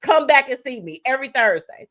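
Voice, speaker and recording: A woman's voice: high voice, expressive, brisk, a bit bright. A woman hosting her weekly live talk show, chatty and effusive as she gives heartfelt thanks to her guests and viewers. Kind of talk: casual livestream talk show sign-off.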